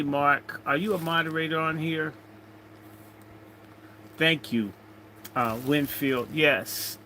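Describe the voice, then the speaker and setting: A man chats loosely on his livestream, greeting viewers and cracking jokes between their comments. His voice is bright and forward, and he talks at an unhurried, drawn-out pace. A faint hiss of noise sits under the recording. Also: mid-range voice, low-quality recording. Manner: rambling, jokey, chatting to viewers. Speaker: livestream host. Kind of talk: casual livestream chat, reading comments.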